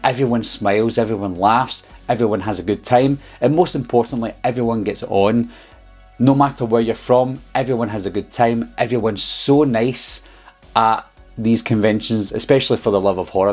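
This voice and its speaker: A man's voice: fairly low pitch, darkish tone, husky. Chatty Scottish man vlogging. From Scotland. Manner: chatty and rambling, with frequent um and uh. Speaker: horror YouTuber. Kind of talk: casual vlog storytelling.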